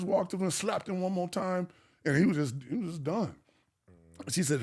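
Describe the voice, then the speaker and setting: Gravelly, husky-voiced man telling stories. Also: high-pitched, a little fast. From Arkansas, USA. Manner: animated storyteller, acts out quotes, swears freely. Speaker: guest. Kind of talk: storytelling in a podcast interview.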